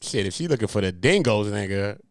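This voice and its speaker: A man's voice: lowish voice, expressive, fairly quick, no echo, studio quality. A man hosting a commentary show, talking in brash, slang-filled, profane bursts. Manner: brash, swearing, laughing, slangy. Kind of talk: casual commentary.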